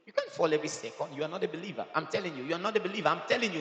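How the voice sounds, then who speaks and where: A male pastor delivers a sermon in a fairly high voice. He teases the congregation with quiet asides, then drives his points home at full shout. The sound rings with the long reverb of a church hall. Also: expressive, very fast, hardly any pauses. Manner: emphatic, swings from soft asides to shouting; teasing the congregation.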